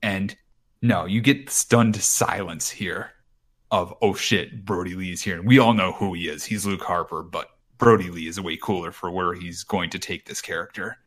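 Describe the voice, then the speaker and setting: A man's voice: deep voice, moderate pace, fairly bright tone. A man casually recapping a show on a podcast, rambling and swearing freely as he paraphrases. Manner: rambling, profane, paraphrases promos. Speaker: podcast co-host. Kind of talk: casual wrestling recap chat.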